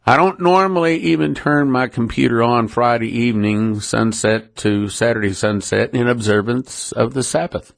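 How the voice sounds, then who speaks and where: A man's voice: medium pitch, moderate pace, vocal fry, no echo, clean studio sound. A middle-aged man giving an earnest, emotional personal testimony to his listeners, often repeating himself. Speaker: ministry leader.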